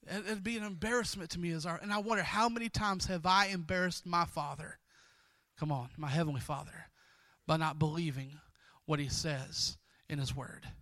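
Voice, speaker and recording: A man pastoring a congregation, exhorting quickly and praying with many repeated words. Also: a little high, fairly even intonation, sharp tone, no echo. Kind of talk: sermon and closing prayer.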